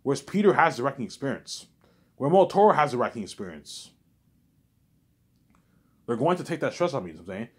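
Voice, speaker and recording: Fast-talking husky man rambling. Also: mid-range voice, sing-song. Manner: repetitive, keeps saying "you know what I'm saying". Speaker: vlogger. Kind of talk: rambling spoken monologue.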